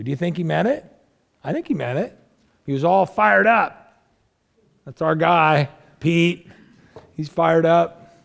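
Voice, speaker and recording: Gravelly-voiced male pastor preaching. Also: animated, takes it slowly, long pauses. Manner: conversational preaching, rhetorical questions to the congregation; swings between emphatic raised passages and low quiet asides. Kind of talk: sermon.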